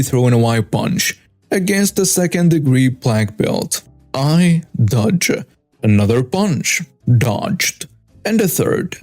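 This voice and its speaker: A man narrating a first-person story with wry, animated asides. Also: medium pitch, no echo.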